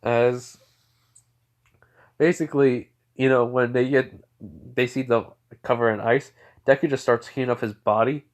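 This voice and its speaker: A man's voice: mid-range voice, steady tone, unhurried, long pauses. A man narrating an improvised fan story in a rambling way, full of fillers and restarts.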